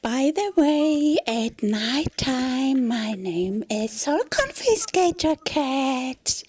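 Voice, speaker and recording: A woman giving a rambling comedic monologue in a halting way, often dropping into a whisper and breaking into giggles. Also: sits high, big pitch swings, a little mellow, husky. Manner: slow, halting delivery that drifts into whispers. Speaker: vlogger.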